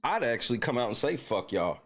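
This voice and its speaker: Very animated and a little fast, this man's mid-range voice carries a casual, profane live-stream rant about losing a basketball game. His frustration shifts him from low mutters to shouts, and there's some faint noise in the background.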